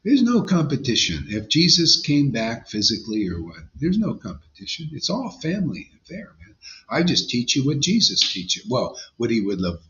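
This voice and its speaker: A man's voice: mid-range voice, big pitch swings, normal speed, sharp tone. A man, a spiritual teacher, giving an informal devotional sermon in a blunt, emphatic, conversational way. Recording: dull lo-fi sound.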